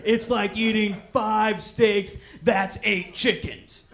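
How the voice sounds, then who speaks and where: A man doing a loud, pushy gym salesman. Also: high voice, fairly even intonation, slow pace, gravelly, full character voice.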